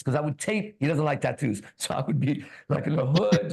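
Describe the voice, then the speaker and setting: A man hosting a ministry talk, telling a personal story in a loose, casual way and reading scripture slowly. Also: a little high, animated, creaky, darkish tone. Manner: casual, tags lines with "right?" and "bro", laughs often; reads scripture slowly and deliberately. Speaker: ministry host.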